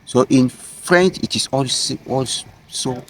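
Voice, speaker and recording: A man teaching a French lesson outdoors, explaining slowly and repeating his phrases with frequent hesitations. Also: mid-range voice. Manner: slow, repetitive teaching with frequent fillers. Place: outdoors in nature.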